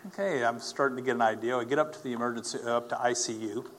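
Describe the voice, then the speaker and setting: A man telling a personal faith testimony as a story, earnest and animated, acting out the people he quotes. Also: medium pitch, fast, slight background noise. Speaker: speaker giving a personal testimony.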